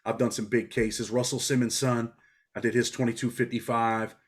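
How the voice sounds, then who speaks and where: A man's voice: medium pitch, moderate pace, breathy edge. A middle-aged man from New York, a former prisoner talking bluntly in a casual interview. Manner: blunt, street-talking, animated storytelling.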